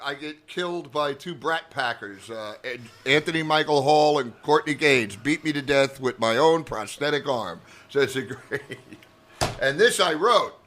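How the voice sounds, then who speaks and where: A man's voice: mid-range voice, normal speed, a little hiss or hum. A man, an actor and comedian, telling rambling, profane stories in a casual podcast chat. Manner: profane, rambling, animated storyteller.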